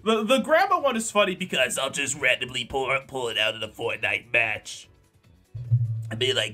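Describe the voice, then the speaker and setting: Lively young male streamer. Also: medium pitch, normal speed, faint music behind. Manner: chatty, jokey, reads chat aloud. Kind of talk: casual livestream chat.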